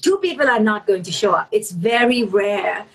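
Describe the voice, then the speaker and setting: A middle-aged woman speaking as a guest author in a conversational interview, fast and emphatic, sometimes acting out the voices she quotes. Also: medium pitch, lively intonation, gravelly, slightly rough, low-quality recording.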